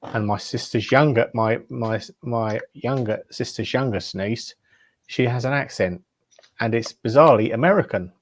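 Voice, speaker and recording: A man's voice: mid-range voice, moderate pace, dry recording. A middle-aged man in a casual group chat who answers with short murmurs and tells easygoing anecdotes. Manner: laid-back, short murmured replies.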